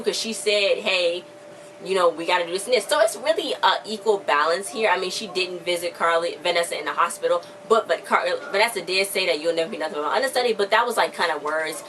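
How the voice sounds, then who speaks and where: A young woman rattles through a TV episode recap at high speed, chatty and excitable, slipping into the characters' voices as she goes. She sits a little back from the mic, and a faint background hiss runs under her voice. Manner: chatty, excitable, slangy, acts out characters' lines. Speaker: vlogger reviewing a TV episode. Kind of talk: casual recap chat. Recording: a bit distant from the mic, faint background noise.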